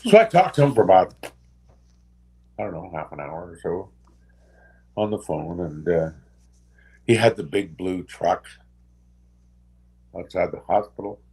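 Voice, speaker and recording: An older man, a special guest, telling personal stories in a casual, halting way, often pausing and restarting, and tending to get emotional. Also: low voice, animated, mellow, husky. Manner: halting, with many pauses and restarts; gets emotional while recovering. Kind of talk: casual anecdotal storytelling.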